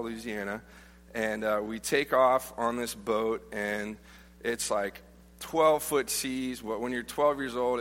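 Male preacher, bright tense voice, joking storyteller style, long church-hall reverb. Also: medium pitch. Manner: humorous, informal, frequent restarts. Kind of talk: conversational sermon with storytelling. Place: church auditorium.

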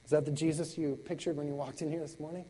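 A man preaching a sermon, swinging between loud exclamations and quiet intensity, with laughing conversational asides. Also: fairly high pitch, fairly even intonation, fast talker, slightly rough, rough recording. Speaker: pastor.

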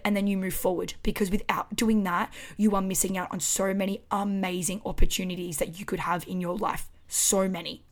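A woman's voice: medium pitch, flat delivery, a little fast, hardly any pauses. A woman in her twenties with an Australian accent, talking candidly and expressively alone on her podcast, swearing freely, recorded on a microphone at home. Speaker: podcast host. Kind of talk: casual solo podcast monologue. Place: her house.

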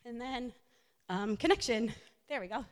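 A woman's voice: a little high, normal speed. A woman, a nurse and wellness coach, giving a personal motivational talk with slides, earnest and full of fillers. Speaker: speaker, health and wellness coach. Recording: echoey hall.

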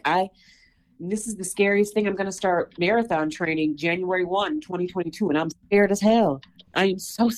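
A woman's voice: mid-range voice, a little mellow, low-quality recording. Effusive, emotional woman runner guest. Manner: effusive and emotional, exclaiming "woo" and "ooh". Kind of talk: conversational interview.

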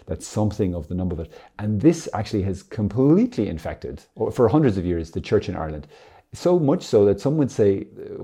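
Husky, dark-voiced man preaching. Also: low-pitched. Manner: animated, swings from loud emphasis to soft murmurs; playful, laughing asides. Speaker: Catholic preacher. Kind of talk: casual video sermon.

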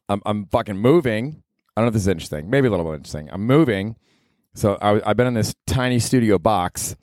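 A man's voice: lowish voice, darkish tone, no echo, clean studio sound. A man in his forties hosting his own podcast, rambling through a casual comedic monologue, swearing freely and making fun of himself. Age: 40s. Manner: rambling, profane, self-mocking. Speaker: podcast host. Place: small studio apartment.

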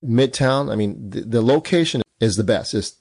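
A man's voice: medium pitch, animated, normal speed, creaky, darkish tone, slightly rough, dry recording. A man hosting an instructive podcast as a real estate coach, punching out numbered points and putting questions to his listeners.

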